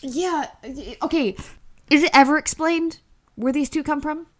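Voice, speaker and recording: A woman's voice: high voice, unhurried. A woman co-hosting a podcast, reacting with puzzled, exasperated questions. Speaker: podcast co-host. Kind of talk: casual comedic chat.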